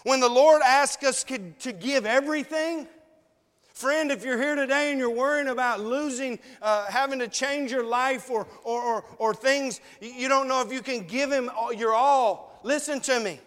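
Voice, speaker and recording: A man's voice: very high-pitched, normal speed, fairly bright tone, big-room sound. A man preaching a sermon, earnestly pleading with his congregation. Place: church.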